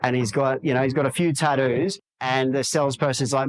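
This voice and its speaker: A man's voice: mid-range voice, steady tone, fairly quick, hardly any pauses, low-quality recording. A man in a podcast interview, talking energetically and acting out quoted dialogue in other voices. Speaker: real estate agent guest.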